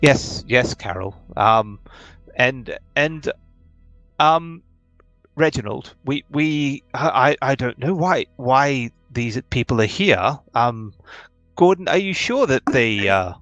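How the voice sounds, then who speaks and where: A man's voice: medium pitch, animated, slow pace, a bit bright, no room sound, highs cut off, soft background music, voice pushed up. A flustered young tenant fumbles through his words, repeating himself as he tries to make sense of things, as a game master puts him on. His voice stays close to an ordinary speaking tone. It is a tabletop game character. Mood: bewildered.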